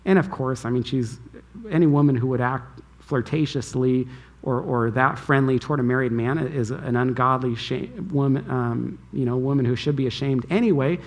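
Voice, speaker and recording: A man's voice: mid-range voice, normal speed. A male pastor giving a conference sermon, preaching with emphasis and asking the audience rhetorical questions. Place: church conference hall.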